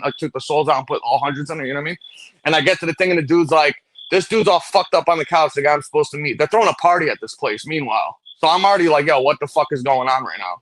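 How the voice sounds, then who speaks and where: A man tells a long, profane story at a rapid clip. His voice sits a little high for a man, and the sound is dry and close to the mic. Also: a bit bright, dry recording. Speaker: host. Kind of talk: casual late-night storytelling chat.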